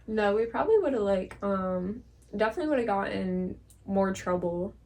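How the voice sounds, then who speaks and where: A young woman co-hosts a podcast, telling stories in a casual chat packed with fillers and laughter. Her mid-range voice is expressive and a little mellow, at a moderate pace. The mic is distant and picks up faint noise.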